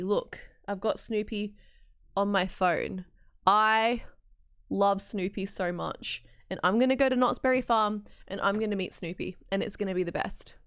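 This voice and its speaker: A woman's voice: medium pitch, fairly bright tone, clean tone, dry recording, studio quality. Bubbly Australian woman streaming a game. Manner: bubbly, chatty, quick to joke. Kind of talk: live game stream commentary.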